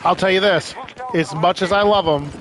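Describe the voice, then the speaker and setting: A man's voice: high voice, moderate pace, noisy background. A man streaming a game, telling rambling, profane stories with frequent laughs. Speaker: gaming streamer. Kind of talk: casual storytelling while gaming.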